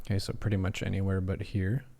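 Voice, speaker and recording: A man's voice: deep voice, level tone, quick pace, vocal fry, warm tone. A young American man casually reading quiz questions aloud on a live stream, joking and swearing as he answers. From United States.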